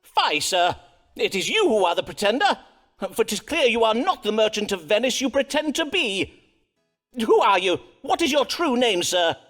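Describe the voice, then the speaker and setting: An actor playing a proud, suspicious Elizabethan astrologer-doctor in a game, speaking in formal archaic English. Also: male voice, high voice, sing-song, moderate pace, a bit bright, soft background music. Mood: angry. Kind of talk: game voice acting.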